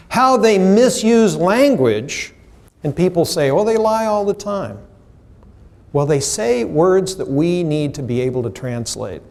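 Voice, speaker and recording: A man giving a live seminar lecture to a room of workers, animated and direct, teasing and quizzing the audience as he goes. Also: fairly high pitch. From United States. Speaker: trainer presenting a seminar.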